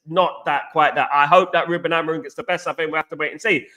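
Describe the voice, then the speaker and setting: A man's voice: fairly high pitch, fairly even intonation, fast talker, bright, forceful tone. An English man hosting a casual live stream, chatting to viewers and reading out their comments, calling them guys and mate. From England.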